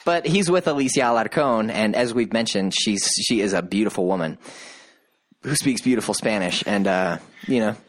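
A man co-hosting a podcast, casually retelling a TV drama plot with lively quoted voices. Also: normal speed. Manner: animated storyteller, voices quotes with rising pitch. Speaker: podcast co-host. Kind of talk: casual chat, recapping a TV drama.

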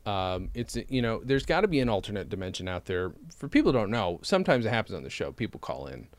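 Animated man in casual comedy chat. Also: lowish voice, dry recording. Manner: playful, riffing, quick asides. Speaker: podcast co-host.

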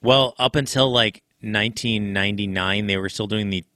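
A man's voice: fairly low pitch, moderate pace, sharp tone, dry recording, studio quality. A man co-hosting a podcast, giving blunt, profane opinions in casual chat. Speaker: podcast co-host.

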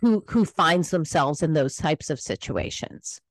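A woman's voice: low-pitched, unhurried, dry recording. Chatty woman podcast host, dry sound. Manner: animated, warm affirmations, acts out kids' voices. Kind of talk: casual interview chat.

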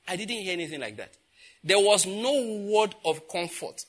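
A man in his fifties with a Nigerian accent, a pastor preaching and telling personal stories, growing loud and emphatic when he acts out conversations. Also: on the high side, moderate pace. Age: 50s. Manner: animated storytelling, grows loud and emphatic when acting out dialogue.

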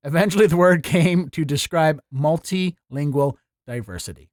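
A man's voice: on the high side, moderate pace, darkish tone, no echo, clean studio sound. A man hosting a casual comedy podcast, joking and riffing with his guest. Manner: joking, riffs into mock bits. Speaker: podcast host.

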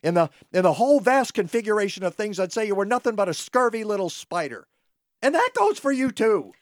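A man's voice: high-pitched, very animated, a little fast, no room sound, clean studio sound. A man doing an exasperated young family man. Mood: defiant. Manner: exasperated, shouting. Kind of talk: radio comedy parody.

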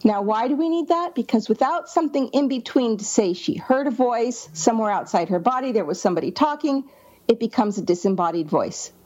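Woman, editor, manuscript critique, explanatory, somewhat high voice, dull lo-fi sound. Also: animated, fairly quick, darkish tone. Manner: explanatory, reads passages aloud then comments. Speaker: book editor.

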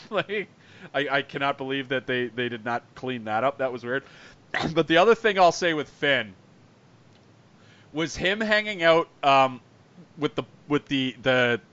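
A man co-hosting a podcast, talking casually and animatedly, swearing and doing quick impressions. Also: medium pitch. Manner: animated, swearing, mimics voices. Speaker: podcast co-host. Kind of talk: casual chat. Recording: muffled lo-fi audio.

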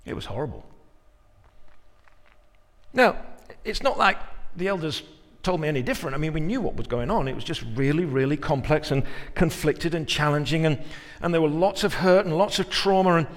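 A male pastor preaching a sermon, moving from quiet reflection to loud, emphatic peaks. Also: a little high, expressive, moderate pace, in a large hall.

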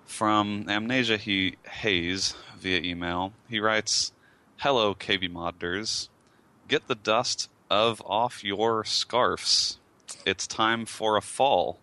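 A man co-hosting a podcast, speaking in a slow, deliberate, dry way. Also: on the low side, bright, forceful tone. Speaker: podcast co-host. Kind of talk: casual chat.

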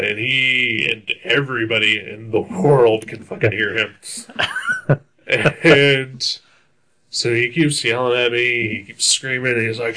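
A man's voice: medium pitch, fairly even intonation, takes it slowly, long pauses, pushed and bright. A young man telling a long story on a casual talk show, rambling with many fillers, laughing often and swearing freely. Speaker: podcast co-host telling a story. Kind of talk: casual chat.

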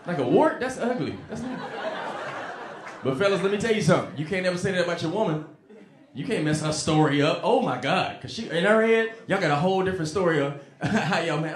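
A man performing a stand-up comedy set, animated and slipping into character voices. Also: sits high, brisk, noisy background. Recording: roomy club with laughing crowd.

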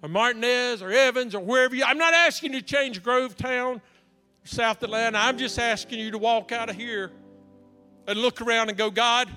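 A man preaching a sermon, an animated storyteller who acts out the dialogue. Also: very high-pitched, a little fast. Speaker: pastor. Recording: reverberant hall with faint music.

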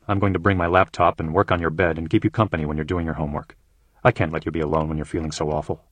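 In an audiobook, a man reads out a troubled middle-aged businessman dad with a husky, low voice, earnest and a little strained. the sound is dry and close, with no room around it. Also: dry recording. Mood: resolute. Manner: earnest quoted speech within a read-aloud story. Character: troubled middle-aged businessman father, brusque but softening. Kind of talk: audiobook narration.

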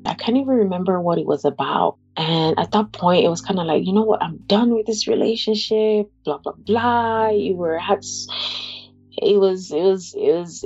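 A young woman candidly recounting a personal experience in a halting, conversational way, with many fillers and restarts. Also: low voice, a little mellow, muffled recording. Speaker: interviewee sharing a personal story.

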